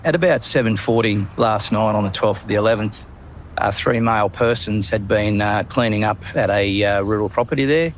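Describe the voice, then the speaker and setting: A police officer giving a formal media statement, using police jargon with hesitant pauses. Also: male voice, fairly low pitch, slight background noise.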